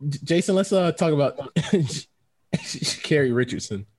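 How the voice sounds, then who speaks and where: A man's voice: fairly high pitch, animated, takes it slowly, music in the background. A man co-hosting a podcast, joking and laughing through casual banter. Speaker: podcast co-host.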